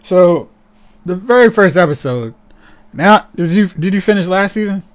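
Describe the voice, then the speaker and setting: A man hosting a podcast in casual chat, animated and sarcastic, mocking characters as he talks. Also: high voice, moderate pace. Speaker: podcast host.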